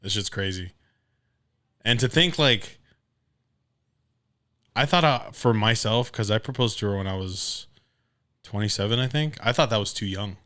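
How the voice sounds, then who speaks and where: Brief: male podcast co-host, late 20s, deep-ish and profane, lively storyteller. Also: moderate pace, long pauses. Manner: profane animated storyteller, acts out others' voices. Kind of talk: casual podcast chat.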